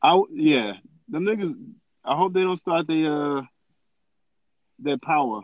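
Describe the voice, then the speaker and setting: A man co-hosting a podcast in casual chat, animated and joking. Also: on the high side, unhurried, no room sound, muffled recording. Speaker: podcast co-host.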